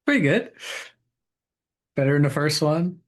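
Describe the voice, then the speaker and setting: A middle-aged man hosting a casual show and reading jokes aloud in a relaxed, upbeat way with some fillers. He sits a little away from the microphone. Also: on the high side, a little slow. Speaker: podcast host. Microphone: table mic set away from the speakers.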